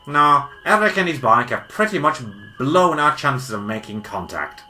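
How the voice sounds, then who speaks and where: A woman acts out an excitable male weasel doctor who travels through time, in a homemade audio drama. His voice is bright and sharp and leaps wildly through its range as he declaims grandly and sulks when bored. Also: low voice, normal speed, a little hiss or hum, heavily acted. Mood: excited. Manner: theatrical, bossy, easily bored. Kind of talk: hobby audio drama acting.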